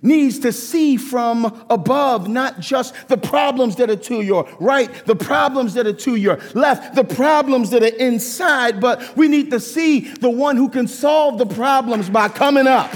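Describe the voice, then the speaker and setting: High-voiced preaching man, reverberant church. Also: unhurried, few pauses, a faint crowd. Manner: animated preaching, acts out quoted voices. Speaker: pastor. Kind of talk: sermon.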